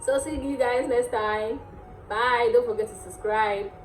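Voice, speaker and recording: Nigerian woman, playful teacher, higher voice, echoey room, faint music behind. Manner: playful, repeats words slowly, laughs often. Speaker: dialect teacher and channel host. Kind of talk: casual language lesson to camera.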